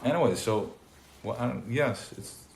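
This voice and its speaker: Animated man teaching in a roomy space. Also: medium pitch, moderate pace, gravelly. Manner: animated, gets worked up and loud, then drops to quiet asides. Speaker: teacher of a class. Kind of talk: informal live teaching talk to a small group. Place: room with a small live audience. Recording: roomy live recording with faint noise.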